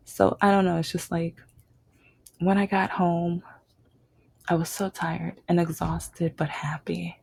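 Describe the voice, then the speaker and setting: A woman's voice: lowish voice, level tone, measured pace, creaky, long pauses, a little mellow, slightly rough, dry recording. A young woman telling a personal story, rambling with restarts and dropping to a whisper at tender moments. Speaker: vlogger.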